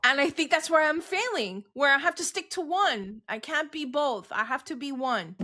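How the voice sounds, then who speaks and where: A woman co-hosting a podcast casually and candidly tells a family story, acting out the dialogue in a high, expressive voice. She speaks at a moderate pace with a sharp tone.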